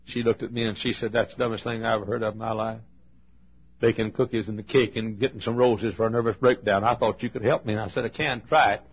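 A man preaching a sermon, telling folksy stories and swinging between loud and hushed delivery. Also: on the low side, fairly even intonation, fast talker, husky, muffled recording. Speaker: pastor. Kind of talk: sermon storytelling.

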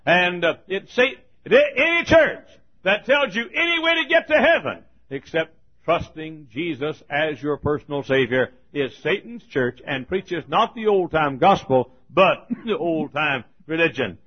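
A man preaching a fiery sermon as pastor, folksy and rising to thundering shouts. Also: fairly high pitch, expressive, a little slow. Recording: lo-fi recording.

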